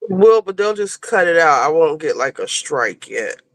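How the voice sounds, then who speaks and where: Bright, high man talking slowly. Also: sing-song. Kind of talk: casual live-stream chat.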